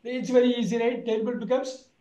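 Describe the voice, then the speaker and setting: A man's voice: very high-pitched, steady tone, quick pace, mellow, reverberant, rough recording. A man teaching an online vocabulary lesson, repeating words and quizzing his students. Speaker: English teacher.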